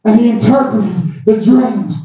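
Male preacher, high-voiced, slow and shouting, recorded from afar in a booming room. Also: expressive. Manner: rising to shouts, acting out biblical characters. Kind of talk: sermon. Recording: roomy echo, distant mic, dull sound.

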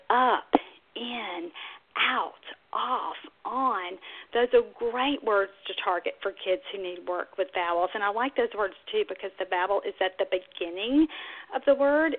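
A woman talks through techniques for helping toddlers speak, in a calm, explanatory instructional podcast manner. Her voice sits at an ordinary middle pitch. The sound is thin and tinny, like a phone line. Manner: explains steadily, then bursts into high sing-song demonstration sounds. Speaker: speech-language pathologist host.

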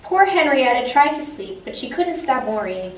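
Woman story time host, expressive read-aloud; higher voice, distant mic, faint background hiss. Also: moderate pace. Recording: echoey room, distant mic, faint noise.

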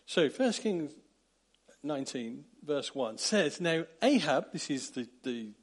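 A man delivers a sermon with a slightly higher-than-average voice. He tells the story in a lively, animated way and acts out the characters' lines with sudden loud bursts. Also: slow pace. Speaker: preacher.

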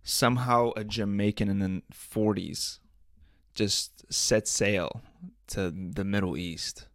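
A man's voice: lowish voice, fairly even intonation, slow, dry recording, clean studio sound. A young man hosting a casual solo podcast, telling stories in profane slang and laughing often. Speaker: podcast host.

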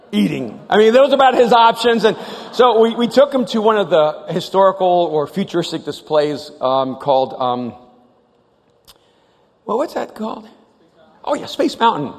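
A man preaching a sermon, telling stories animatedly, acting out the voices and often restarting his sentences. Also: high voice. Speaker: pastor. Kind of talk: sermon storytelling. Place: large church hall. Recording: live church hall with reverb.

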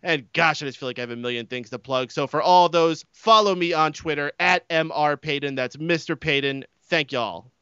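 A man's voice: a little high, normal speed, hardly any pauses, pushed and bright, clear, resonant tone, dry recording. A man on a casual podcast eagerly rattling off plugs for his shows. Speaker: podcast co-host. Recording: dull lo-fi dry sound.

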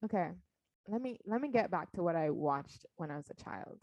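A woman's voice: on the low side, animated, brisk, highs cut off, slight background noise. A young woman chatting casually with a friend, playful and teasing, her talk full of ums and likes. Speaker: friend in a chat. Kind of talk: casual chat.

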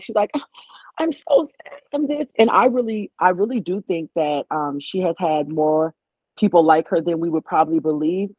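A woman chatting casually as co-host of a reality-show recap, opinionated and animated, slipping into voices when she quotes people. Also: lowish voice, slightly rough, no echo. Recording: dull lo-fi audio.

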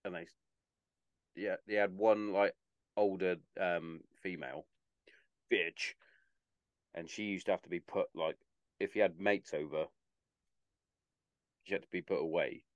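A man with a low voice banters casually on a pub-style podcast. He keeps his lines short, laid-back and sweary. The recording is dry and close. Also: steady tone, unhurried, long pauses, dry recording, dull audio. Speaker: podcast co-host.

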